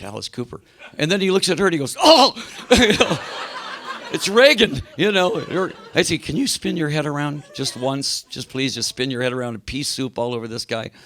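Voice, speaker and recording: Gravelly older man telling road stories. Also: mid-range voice. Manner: animated anecdotes, acts out quoted voices. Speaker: interview guest, rock singer. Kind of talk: casual storytelling interview. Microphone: video call.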